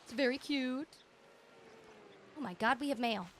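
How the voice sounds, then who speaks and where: A woman streaming a video game, chatting candidly with viewers in a casual, animated way. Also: sits high, measured pace, a little hiss or hum. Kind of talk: casual gaming livestream chat.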